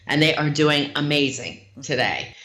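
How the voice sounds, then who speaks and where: A middle-aged woman, a relationship coach as guest, telling client stories in a lively, animated way. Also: low-pitched, measured pace. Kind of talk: interview storytelling.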